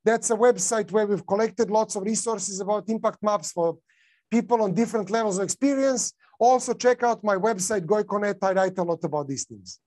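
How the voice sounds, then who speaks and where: A man's voice: high-pitched, brisk, darkish tone. A man with a non-native English accent giving a conference talk, casual, with many fillers and restarts. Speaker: conference speaker.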